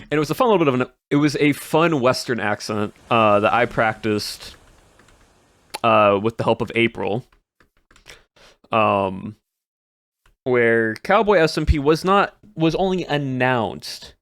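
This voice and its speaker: A man's voice: medium pitch, unhurried, long pauses, a bit bright, no echo, clean studio sound. A male streamer chatting casually to his chat as he recaps the year, rambling and repeating words. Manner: rambling, repeats words, trails off mid-sentence.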